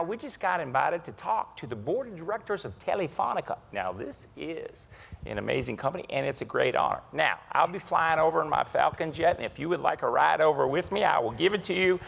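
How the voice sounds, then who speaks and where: A man's voice: on the high side, animated, a little fast, vocal fry, a bit bright, full character voice. A man doing an impression of his boastful, folksy business mentor while telling a story on stage.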